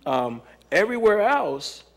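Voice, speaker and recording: An American man who choreographs hip hop dance tells stories in a loose, animated way, acting out quotes and laughing often. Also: sits high, a little slow, vocal fry. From United States. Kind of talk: conversational panel talk.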